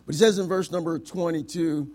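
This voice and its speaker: A pastor preaching a sermon to his congregation, swinging from loud declarations to hushed words and stretching key phrases, with frequent rhetorical questions. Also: a little high, steady tone, brisk.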